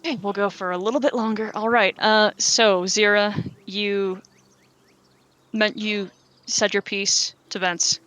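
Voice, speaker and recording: A woman acting as game master of a tabletop game played over voice chat, chatty and quick to laugh, adding up rolls aloud. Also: medium pitch, steady tone, fairly bright tone. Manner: chatty, adds sums aloud, laughs often.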